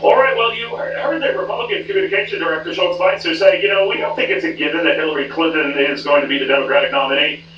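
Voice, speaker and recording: A man anchors cable news in a brisk, wry, chatty manner, his voice sitting a little high. The sound is dull and distant, as if a TV in a roomy space were picked up from across the room, with a steady hum underneath.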